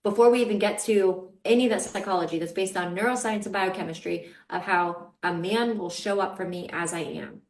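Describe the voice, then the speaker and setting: A middle-aged woman, a dating coach hosting a podcast, talking candidly in an animated, emphatic way and laughing often. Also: mid-range voice, a little fast, hardly any pauses. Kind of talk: candid conversational chat. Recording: echoey room.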